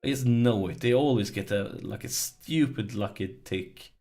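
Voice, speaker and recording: Excitable gravelly man narrating his gameplay. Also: medium pitch, moderate pace. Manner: excitable, pleading and groaning at the game. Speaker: let's play host. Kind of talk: strategy game commentary.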